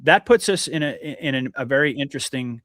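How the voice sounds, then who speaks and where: A man hosting a conversational podcast, earnest and emphatic, often restarting his sentences. His voice sits at an ordinary middle pitch. The recording is close and dry, with no room sound. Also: lively intonation, brisk, fairly bright tone, no echo. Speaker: podcast host. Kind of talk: casual conversational interview.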